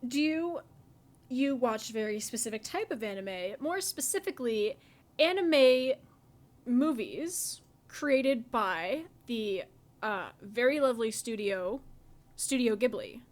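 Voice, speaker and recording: A woman's voice: on the high side, expressive, slow. A woman co-hosting a podcast in casual chat, sarcastic and full of "like" fillers. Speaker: podcast co-host.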